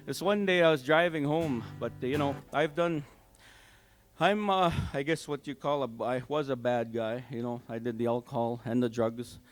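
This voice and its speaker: An older man gives his personal testimony at a church service, telling it in a halting, heartfelt way with many fillers and restarts. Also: mid-range voice, soft background music. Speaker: church member giving testimony. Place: community hall church service.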